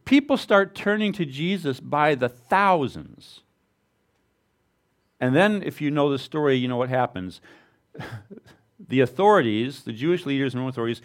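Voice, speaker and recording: Lively-voiced male pastor preaching casually. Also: medium pitch, normal speed. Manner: animated, informal, with self-deprecating asides. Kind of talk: conversational sermon.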